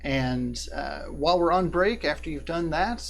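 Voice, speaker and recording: A man narrating a tabletop game as game master and hosting a live stream, talking casually with many fillers and a hushed tone for eerie scenes. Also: on the high side, animated, unhurried, creaky. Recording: faint buzzing hum in the background.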